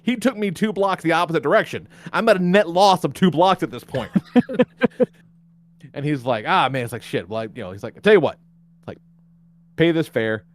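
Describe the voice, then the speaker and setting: Animated man telling a story. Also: a little fast. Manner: animated, acts out quotes with big pitch jumps, laughs often. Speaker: podcast host. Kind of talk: casual storytelling chat.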